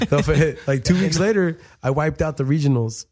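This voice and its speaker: A man's voice: a little high, a little slow, soft background music. A man, a former boxing champion, telling his life story as a guest on a podcast, talking casually, with swearing and laughs. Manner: animated, profane storytelling with laughs. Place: studio.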